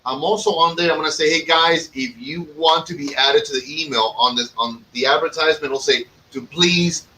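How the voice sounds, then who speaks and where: A man hosts a laid-back podcast and runs through promotions in a joking, rambling way full of ums and uhs. His voice is bright and a little high. He sits back from the mic, and a faint hiss runs under it. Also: fairly quick, distant mic, low-quality recording. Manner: chatty, jokey, plugs promotions with filler words. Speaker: podcast host and cigar shop owner. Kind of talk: casual podcast chat.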